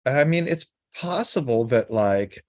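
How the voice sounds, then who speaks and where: A man's voice: medium pitch, animated, a little slow, no echo, clean studio sound. A man co-hosting a podcast, chatting and joking enthusiastically while recapping a TV episode. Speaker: podcast co-host. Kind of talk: casual chat recapping a TV episode.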